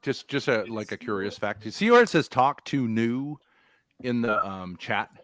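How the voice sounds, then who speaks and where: A man's voice: fairly low pitch, big pitch swings, brisk, fairly bright tone, no room sound. A middle-aged man in crude, mocking casual chat on a live stream, telling stories bluntly. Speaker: stream guest.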